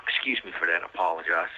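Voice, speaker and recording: Guy rambling thru a story on a prison phone, bright husky voice, lots of uh and you know. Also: low-pitched, fairly even intonation, brisk. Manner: rambling, street slang, many fillers. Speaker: podcast host telling his own story. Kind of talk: casual storytelling over the phone. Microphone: prison phone line. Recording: tinny phone line.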